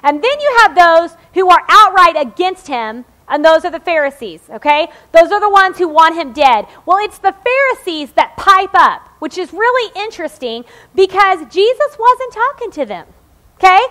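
Woman, forties, sermon, chatty and humorous, very high pitch, bright tone. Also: very animated, normal speed. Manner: conversational and joking, checks in with "okay?". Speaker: preacher.

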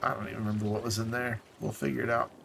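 A man streaming himself playing a city-building game, talking casually in a relaxed, rambling way and trailing off into muttered asides. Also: on the low side, rapid-fire, vocal fry, a little hiss or hum.

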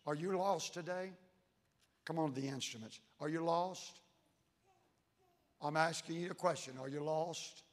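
A pastor preaches in a folksy, emphatic manner, his voice pitched a little high. He drops into low, intense tones to press a point. The sound carries a long reverb from the church hall. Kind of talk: sermon. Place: church sanctuary.

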